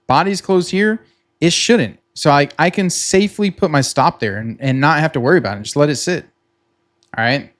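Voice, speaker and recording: A laid-back man sits with his chart and explains his trades in plain, chatty talk. His voice sits a touch higher than most men's, and he keeps saying "like" as he points out spots on the screen. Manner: relaxed and chatty, many "like"s, quick laughs; talks himself through the chart while pointing at it. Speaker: futures trader recapping his trading session. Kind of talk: casual screen-share trading walkthrough.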